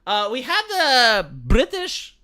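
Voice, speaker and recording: Woman streamer from Romania, bright tense voice, rambling commentary, lots of restarts. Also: on the high side, wildly swooping pitch, slow. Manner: rambling, with many restarts and swearing. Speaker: live streamer. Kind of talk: casual livestream commentary.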